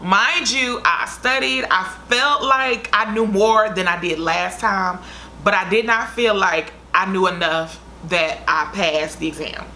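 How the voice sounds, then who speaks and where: A woman's voice: medium pitch, unhurried, bright, forceful tone, slight background noise. A young woman vlogger telling a story to her viewers in a chatty, dramatic way. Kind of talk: casual storytime vlog.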